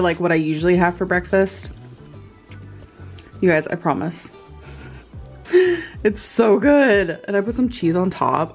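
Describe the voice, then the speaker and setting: Slow-talking woman vlogger in her thirties. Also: mid-range voice. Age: 30s. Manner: unhurried, chatty, many fillers like "um" and "like". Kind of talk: casual vlog chat. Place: at home.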